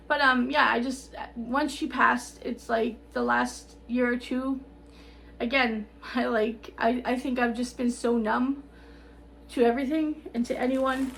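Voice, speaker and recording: A middle-aged woman talking straight to camera in a tearful, rambling personal update, halting and repeating herself. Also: on the high side, fairly even intonation, gravelly, fairly bright tone, a little hiss or hum. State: tearful, on the verge of crying. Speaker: vlogger.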